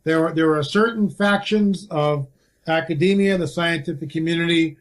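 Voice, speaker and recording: A man's voice: on the high side, moderate pace. A man speaking as a guest field researcher in a casual conversation, talking in an emphatic, impassioned way.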